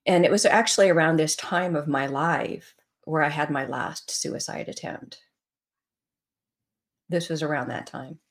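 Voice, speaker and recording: Middle-aged woman guest, low-pitched, earnest and emotional as she recounts her story. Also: a little slow, pauses often. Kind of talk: personal story in a podcast interview.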